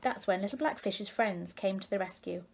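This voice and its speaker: A woman, an educational consultant, reading a children's picture book aloud with expressive, measured storytelling. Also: mid-range voice, creaky.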